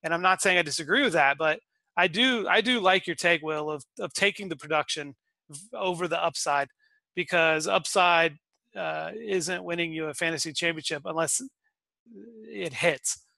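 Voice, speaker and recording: Gravelly, bright-voiced male co-host. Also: fairly high pitch, moderate pace, no echo. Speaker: podcast co-host. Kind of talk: casual chat.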